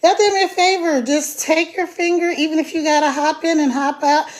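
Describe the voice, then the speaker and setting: High-voiced chatty woman live-streaming. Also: fairly even intonation, brisk. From United States. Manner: chatty, repeats phrases, greets viewers by name. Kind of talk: casual live-stream chat. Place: mountains of Virginia. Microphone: phone.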